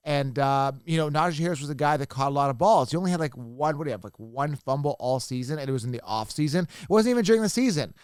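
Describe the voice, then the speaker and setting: Male podcast host, smooth clear voice, animated casual delivery, dry close recording. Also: mid-range voice, fast talker, few pauses, no echo. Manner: animated, repeats points, addresses viewers as guys. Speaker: fantasy football podcast host. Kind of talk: casual solo commentary.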